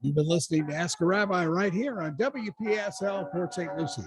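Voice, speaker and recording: A man's voice: high voice, a little fast, music in the background. A man hosting a call-in radio show who chuckles often and breaks in with short, friendly comments. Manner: chuckling, warm interjections. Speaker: radio host. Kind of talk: casual radio talk.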